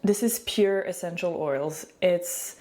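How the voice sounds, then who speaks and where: A woman with a French accent talks through her hair routine in a relaxed, unhurried way, her voice soft and mellow. She chats casually with lots of fillers and little giggles, like a home beauty vlog. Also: lowish voice. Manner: chatty, filler-heavy, giggly. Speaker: beauty and wellness vlogger. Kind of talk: casual hair-care tutorial.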